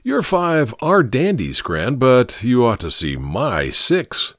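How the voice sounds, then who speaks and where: A man voicing a softhearted proud father who speaks slowly and falters. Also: mid-range voice, sing-song, dry recording, studio quality.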